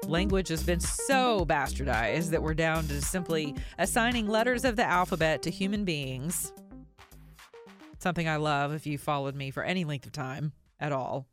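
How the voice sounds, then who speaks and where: A woman hosting a podcast, giving a blunt, sarcastic commentary monologue and slowly stressing single words for emphasis. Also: low-pitched, animated, soft background music. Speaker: podcast host.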